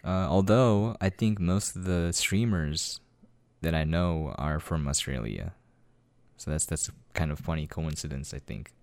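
Easygoing man with a very deep voice. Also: a little slow, darkish tone, no room sound. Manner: easygoing, brief agreeing replies. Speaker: podcast co-host. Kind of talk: casual chat.

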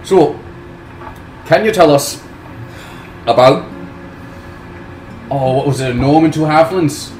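A man's voice: a little high, slow pace, pauses often, darkish tone. A man playing a tabletop role-playing game, polite and a little hesitant. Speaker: player. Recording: roomy room with faint noise.

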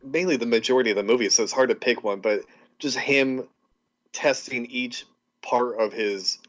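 A man's voice: mid-range voice, normal speed, muffled recording. A man co-hosting a podcast, talking casually about movie scenes, hesitant and searching for words. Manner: hesitant, many fillers and restarts. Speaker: podcast co-host.

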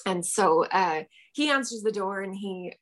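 A young woman recounts her story in a relaxed, chatty way, laughing often and doubling back on her words. Her voice sits in an ordinary middle pitch. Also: a little slow. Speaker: guest. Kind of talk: storytelling in casual chat.

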